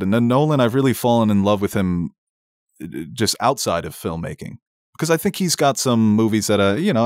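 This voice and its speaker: In a dry, studio-quality recording, a low-voiced podcast co-host chats casually about movies. He's enthusiastic, frequently laughs mid-sentence, and swears a lot.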